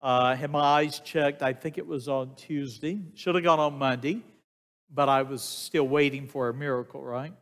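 An older man preaching a sermon, slow and emphatic, putting questions to the congregation. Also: medium pitch, fairly even intonation, a bit bright. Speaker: pastor. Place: church sanctuary. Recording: long church reverb, voice sometimes off mic.

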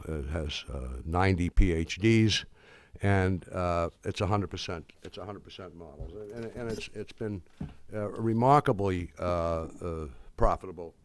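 An older man giving a speech, telling wry stories in a halting way with many restarts and fillers. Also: deep voice, darkish tone, dry recording, clean studio sound. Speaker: speaker. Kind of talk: anecdotal speech.

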